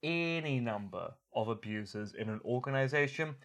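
A man's voice: medium pitch, animated, moderate pace, a bit bright. A man co-hosting a podcast in casual chat, teasing and mock-pompous, breaking into playful put-on voices. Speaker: podcast co-host.

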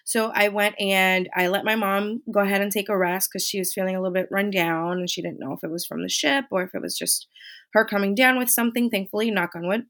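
Woman vlogger, casual storyteller, animated, mid pitch. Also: quick pace. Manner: chatty, animated retelling with quoted voices.

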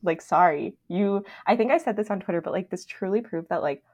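A young woman co-hosting a casual podcast, gushing and animated as she talks. She packs her sentences with fillers and restarts, jumping between loud excitement and quieter asides. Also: mid-range voice, a little fast. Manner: animated, filler-heavy, gushing fan talk. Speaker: podcast co-host. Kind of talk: casual chat.

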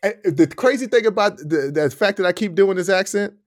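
A man's voice: sits high, brisk. Laid-back man hosting a podcast. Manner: laid-back, laughs often, frank. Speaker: podcast host. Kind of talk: casual podcast chat.

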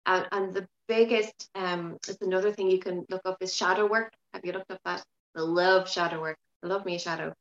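A woman talking as a podcast guest in casual interview chat, frank and lively, swearing now and then. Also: lowish voice, brisk, reverberant, lo-fi sound. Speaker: podcast guest, yoga teacher.

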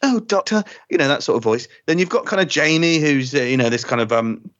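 A man's voice: medium pitch, fast talker. A man hosting a podcast, chatting casually, swearing freely and acting out scenes. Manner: animated, profane, acts out scenes. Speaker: podcast host. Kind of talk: casual chat. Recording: dull lo-fi audio.

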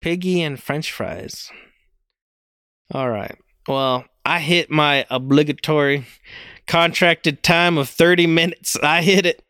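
Slow-talking self-mocking young man. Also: a little high, sharp tone, clean tone, no room sound, studio quality. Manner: self-deprecating, rambling, laughs often. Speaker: podcast host. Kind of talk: casual solo podcast rambling.

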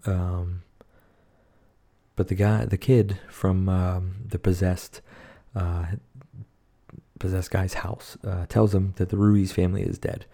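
A man's voice: sits low, flat delivery, slow pace, vocal fry, pauses often, warm tone. A man co-hosting a podcast, casually recapping a horror movie in a rambling, profane way with lots of fillers. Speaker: podcast co-host.

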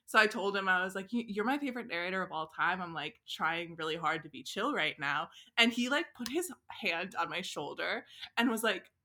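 A young woman co-hosting a podcast, telling stories in an animated, giggly way. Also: on the low side, a little fast. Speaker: podcast co-host. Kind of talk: casual chat.

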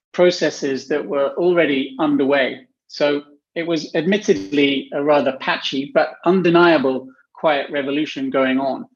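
A man's voice: medium pitch, lo-fi sound, slight background noise. A man speaking as a guest on a video-call panel from his home office, thoughtful and sometimes restarting his sentences. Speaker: panel guest, healthy workplace specialist. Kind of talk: casual panel talk.

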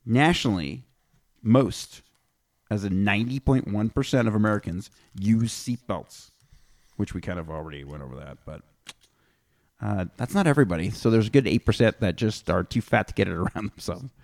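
Low-voiced man reading stats on a podcast. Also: moderate pace, gravelly, darkish tone, dry recording. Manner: reads statistics with offhand jokes. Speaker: podcast host. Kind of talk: casual podcast chat.

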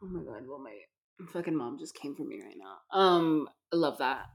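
A woman's voice: extremely low pitch, lively intonation, moderate pace, vocal fry, husky. A young woman from Southern California, co-hosting a podcast in casual chat, sounding congested and stuffy, breezy and swearing freely. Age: young adult. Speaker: podcast co-host.

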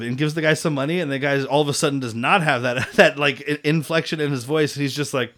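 A man's voice: a little high, fast talker, few pauses, a bit bright. A man co-hosting a podcast, recapping a film in casual chat, rambling with lots of fillers and free swearing. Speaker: podcast co-host.

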